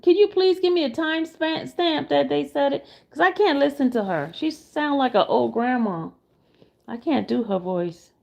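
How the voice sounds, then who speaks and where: A woman's voice: high-pitched, normal speed, gravelly, darkish tone. A woman reacting to a livestream, exasperated, talking to her viewers while she searches for the clip. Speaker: commentary streamer.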